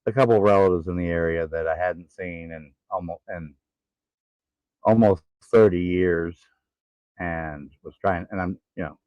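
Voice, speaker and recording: A man in his forties telling his own story in a halting, tired way, pausing to catch his breath. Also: sits low, steady tone, clear, resonant tone, no room sound. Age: 40s. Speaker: vlogger. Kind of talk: casual personal vlog. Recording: tinny phone-like sound.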